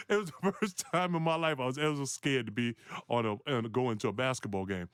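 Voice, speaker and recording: Animated man telling a story. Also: a little fast, clean tone, no echo. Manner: animated, acts out quotes with big pitch jumps, laughs. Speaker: former NBA player telling a story. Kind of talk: animated storytelling on a podcast clip.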